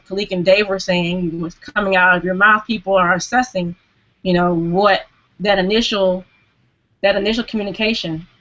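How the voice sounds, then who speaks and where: Another woman, also mid-range but with a fairly bright tone, speaks earnestly as a hangout guest in a casual group discussion. Her talk is full of "you know"s and restarts, captured by a video call mic with dull, lo-fi sound.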